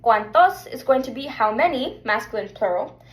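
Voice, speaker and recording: A woman's voice: on the high side, lively intonation, normal speed. A young woman teaching a Spanish lesson online, encouraging and patient, leading repeat-after-me drills.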